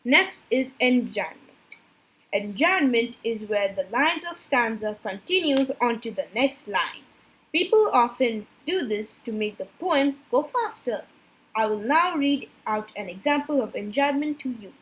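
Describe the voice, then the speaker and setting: A woman giving a class presentation from slides, halting and stumbling over technical terms. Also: fairly high pitch, expressive, a bit bright, breathy edge. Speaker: student presenter.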